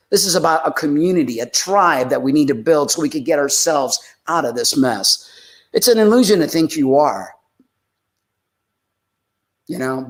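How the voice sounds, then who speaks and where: A man hosting a live spiritual talk show, preaching emphatically in a rambling, casual way with many restarts and reading out listener comments. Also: medium pitch.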